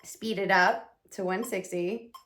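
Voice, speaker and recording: A woman's voice: mid-range voice, steady tone, measured pace, a bit bright, a little hiss or hum. A woman teaching viola in a casual lesson, chatting, counting aloud and singing rhythms while she plays. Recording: echoey room with viola playing. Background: her own viola playing and a metronome.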